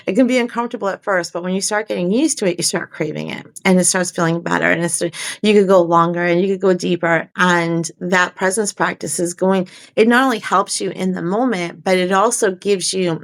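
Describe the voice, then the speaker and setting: A woman coaching on a live stream, talking in a soft, reflective way and often repeating her phrases. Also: on the low side. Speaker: life coach.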